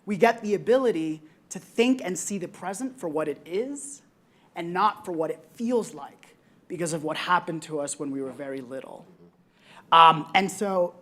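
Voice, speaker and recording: A woman's voice: on the low side, normal speed, fairly bright tone. Earnest young woman telling a personal story. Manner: earnest, reflective, with frequent ums. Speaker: panelist.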